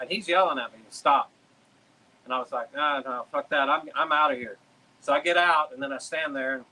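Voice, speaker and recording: Bright-voiced racing driver, animated storyteller. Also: male voice, on the high side, slightly rough, poor audio. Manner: animated, swears casually, acts out shouted quotes. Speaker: drag racing driver, guest. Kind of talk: casual storytelling.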